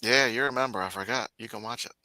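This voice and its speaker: A man's voice: mid-range voice, quick pace, a crowd in the background. A man in casual chat on a live stream, telling stories and mimicking others. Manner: animated storytelling, mimics others in raised voice.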